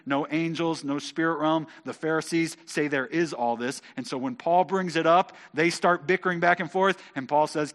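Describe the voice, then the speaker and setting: A man reading scripture aloud and explaining it in a lively, conversational way, often stammering and repeating words as he goes. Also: a little high. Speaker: Bible teacher.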